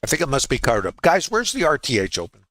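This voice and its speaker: Bright-voiced Brooklyn man teaching trading. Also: mid-range voice, very animated, fast talker, dry recording. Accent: New York, Brooklyn. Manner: folksy, quips and rhetorical questions. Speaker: trading educator. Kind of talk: livestream market lesson. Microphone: laptop.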